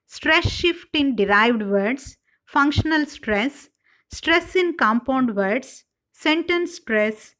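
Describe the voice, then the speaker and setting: A woman, an English professor, giving a slow and careful scripted lecture. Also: on the high side, a bit bright, rough recording. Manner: slow, careful, deliberate delivery.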